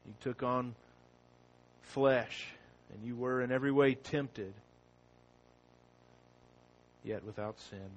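A man preaching a sermon. He opens with a prayer, then reads scripture slowly and with rising force. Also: medium pitch, dull audio, slight background noise. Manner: slow and deliberate, rising loud when reading scripture.

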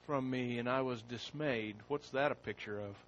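A man preaching a sermon. He opens with a prayer, then reads scripture slowly and with rising force. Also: medium pitch, highs cut off, a little hiss or hum. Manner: slow and deliberate, rising loud when reading scripture.

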